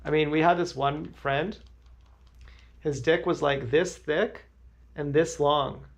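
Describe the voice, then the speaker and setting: A man's voice: a little high, steady tone, slow, creaky. A man livestreaming, telling crude, rambling stories in a blunt way.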